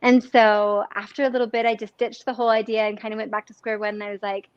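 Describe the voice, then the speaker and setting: A woman's voice: a little high, level tone, fast talker, few pauses, dull audio. A woman cookbook author chatting casually on a livestream from home, bubbly and self-mocking. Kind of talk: casual live-stream chat. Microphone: computer, then AirPods.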